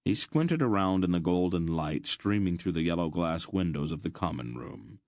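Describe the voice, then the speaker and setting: A man narrating an audiobook in a measured storytelling manner. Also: low voice, expressive, a little mellow, dry recording, studio quality.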